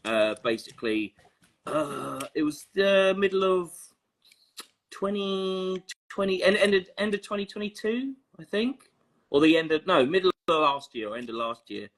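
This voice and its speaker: A man's voice: sits high, expressive, normal speed. A man musician chatting as a podcast guest, rambling and self-mocking. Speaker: band member guest. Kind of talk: casual chat.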